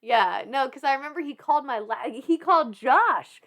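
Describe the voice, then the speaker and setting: Speaking at a normal speed in a high voice, a woman in her thirties with a Southern US accent shares her story on a podcast. Her delivery is animated and informal, full of laughter and free swearing.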